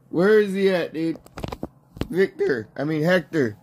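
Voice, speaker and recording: A man streaming gameplay, crude and rowdy, chattering to himself and bursting into shouts. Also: fairly high pitch, animated, unhurried, a little hiss or hum. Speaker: livestreamer. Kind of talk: profane livestream gameplay chatter.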